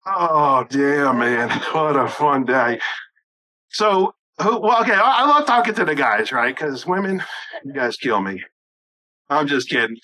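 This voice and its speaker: A man performing a crude stand-up comedy set, shouting punchlines and acting out voices. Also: a little high, expressive, a little slow, rough recording. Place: rooftop event.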